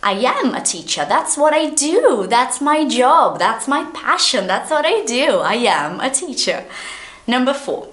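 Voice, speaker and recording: Animated Brazilian woman teaching English. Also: high-pitched, measured pace, reverberant. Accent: Brazilian Portuguese. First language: Portuguese. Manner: animated, emphatic, repeats key phrases. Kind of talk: English lesson to camera.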